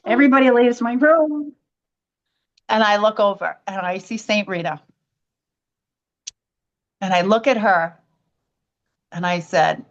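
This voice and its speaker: A woman from the United States, appearing as a podcast guest, tells a personal story in an animated way, acting out other people's voices. Her voice is mid-range and a little slow, with long pauses, and the audio sounds dull.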